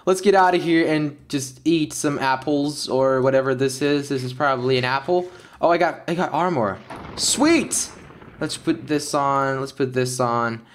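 A young man giving excitable Let's Play commentary over a game, yelping and laughing at the action. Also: mid-range voice, normal speed, a little hiss or hum. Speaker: gaming YouTuber.

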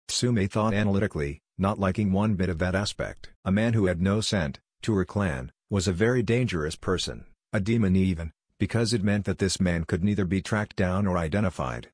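A man reads a fan fiction story in an even, steady voice. His voice is deep and husky. The recording is dry and close. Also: brisk, few pauses, no echo. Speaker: narrator. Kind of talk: reading fan fiction aloud.

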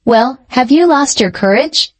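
Woman reading a scheming old sea witch from a storybook: cold, deliberate, mocking. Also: high voice, lively intonation, breathy edge, heavily acted.

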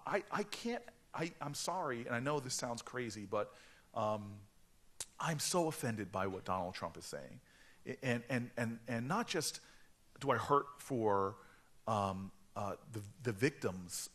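Brief: man in his forties from New Jersey, author guest, animated storyteller who restarts his sentences often, mid-pitched voice.

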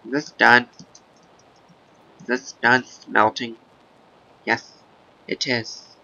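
A man doing casual, rambling video game commentary in a gravelly, goofy put-on voice, breaking into silly sing-song chants. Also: medium pitch, flat delivery, extremely slow, bright, forceful tone, highs cut off. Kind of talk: casual let's-play commentary.

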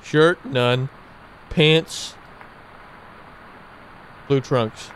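A man hosting a casual game let's-play, excitable and playful, often bursting into high yelps. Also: very slow, slight background noise. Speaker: gameplay channel host.

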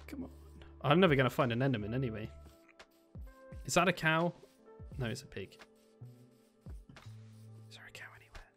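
A man giving chatty let's-play commentary as he plays, thinking aloud with excitable bursts. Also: mid-range voice, normal speed, long pauses, soft background music. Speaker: gaming video creator.

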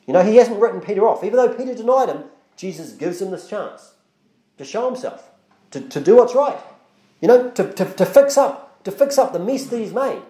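A man's voice: high voice, animated, fairly quick, warm tone, echoey room. A male pastor, preaching a sermon in a conversational way, with frequent restarts and acted-out quotes. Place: church.

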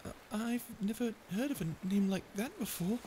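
A woman's voice: fairly high pitch, moderate pace, dark tone, a little hiss or hum, close to an everyday voice. A woman voicing a prickly young sea creature who stammers and hides her fear behind insults, in a listener-perspective audio drama. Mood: flustered. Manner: stuttering, flustered tsundere bluster.

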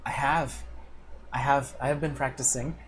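A game master voicing a calm, quietly proud teenage cat-folk girl. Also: medium pitch, normal speed, slight background noise, close to an everyday voice.

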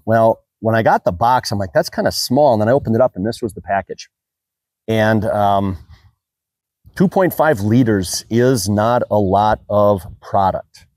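A man's voice: lowish voice, measured pace, darkish tone, no echo. An American man talking casually in a product review vlog, chatty and rambling with frequent fillers. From United States. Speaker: car detailing YouTuber.

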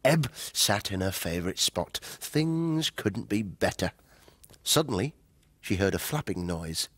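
A man playing a cheerful grown-up on a fishing trip in a children's show, reading a story aloud in a gentle, sing-song way. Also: lowish voice, expressive, measured pace, no echo. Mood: storytelling.

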